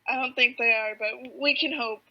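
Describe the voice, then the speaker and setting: A woman's voice: fairly high pitch, steady tone, brisk, lo-fi sound. A woman co-hosting a podcast, chatting casually and giggling while she acts out comic characters' lines. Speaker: podcast co-host. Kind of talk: casual chat recapping a comic.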